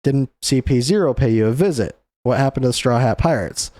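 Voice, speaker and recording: A man voicing a council of cold elder male rulers from a comic saga, in a measured tone close to his own voice. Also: mid-range voice, mellow, dry recording, lightly acted. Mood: calculating.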